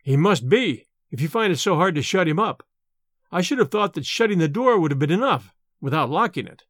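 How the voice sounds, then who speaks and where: A man voicing a young medical student who speaks calmly and dismissively, in an audiobook reading. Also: on the high side, fairly quick, no room sound. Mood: probing. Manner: calm, dry, dismissive. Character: young male medical student, cool and skeptical.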